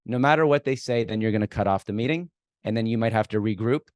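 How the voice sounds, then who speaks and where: A man with a lowish voice speaks as a guest expert in a conversational interview. He is direct and emphatic, sometimes acting out the words he recommends saying. The sound is close and dry, with no room around it. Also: quick pace, dry recording. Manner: direct, emphatic, acts out what to say. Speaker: guest expert on workplace conflict.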